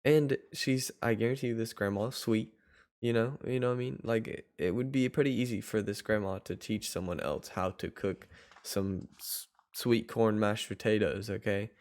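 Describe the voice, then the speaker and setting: Fairly low-pitched and darkish, at a moderate pace, a man coaches an online course audience step by step. The tutorial talk rambles loosely and chattily, with frequent restarts and self-corrections.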